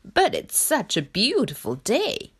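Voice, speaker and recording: A woman's voice: a little high, wildly swooping pitch, unhurried, fairly bright tone, slightly rough, full character voice. A woman voicing a cheerful, caring male rat in a storybook, speaking in a coaxing, friendly way.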